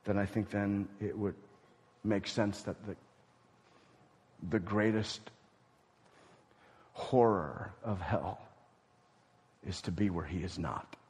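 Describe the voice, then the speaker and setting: A man preaching a sermon as pastor, swinging from loud emphatic lines to hushed, near-whispered ones. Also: fairly low pitch, fairly even intonation, slow, long pauses, husky, in a large hall.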